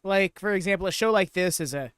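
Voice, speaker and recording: Guy hosting a live stream watchalong, kinda high voice, smooth and clear, chatty, talks to chat a lot. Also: fast, a bit bright, dry recording. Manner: chatty, reads and answers chat viewers by name. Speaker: watchalong host.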